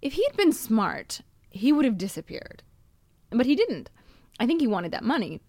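A woman's voice: a little high, sing-song, moderate pace, a little mellow, no echo. A woman podcast host frankly telling a personal story, with small laughs and restarts.

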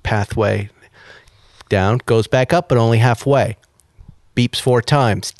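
Dry-voiced man telling a lively anecdote. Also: medium pitch, slow pace, dry recording. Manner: animated anecdote-telling, acts out dialogue and beeps. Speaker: podcast host. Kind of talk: casual storytelling.

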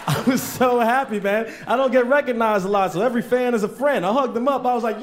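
A man with a fairly high voice tells rambling, profane stories in a stand-up set. He talks loosely and casually from a club stage, with an audience laughing behind him. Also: moderate pace, slight background noise. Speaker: stand-up comedian.

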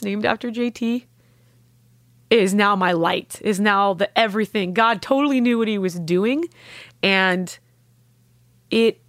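A woman, a podcast guest, telling a deeply personal story in an earnest, heartfelt way and with strong conviction. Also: dry recording, clean studio sound.

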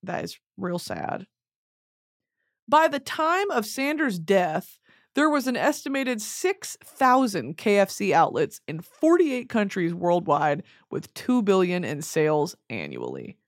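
A woman's voice: mid-range voice, sing-song, slow. A young woman hosting a podcast in casual chat, rambling off on tangents and swearing freely. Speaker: podcast host.

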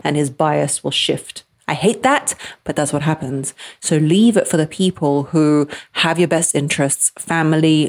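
A woman in her thirties hosting a podcast, giving blunt, emphatic relationship advice and acting out the people she quotes. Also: sits low. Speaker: podcast host answering listener questions. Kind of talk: direct advice talk.

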